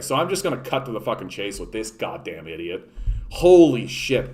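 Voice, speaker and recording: A man with a Canadian accent, a political streamer, ranting with heavy profanity and sarcasm and answering a live chat. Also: medium pitch. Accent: Canadian English. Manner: profane, sarcastic, reads articles aloud mockingly.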